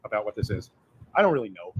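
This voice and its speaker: A man's voice: fairly low pitch, big pitch swings, fast, breathy edge, no echo, highs cut off. Rambling man in a casual stream rant. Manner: rambling, hesitant, many fillers.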